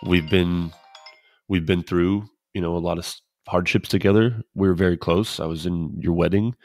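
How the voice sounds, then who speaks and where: A man co-hosting a casual podcast, a former pro pitcher telling laid-back, rambling stories. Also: steady tone, moderate pace, a little mellow, dry recording, faint music behind. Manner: laid-back, rambling anecdotes with quoted dialogue. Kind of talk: casual storytelling chat.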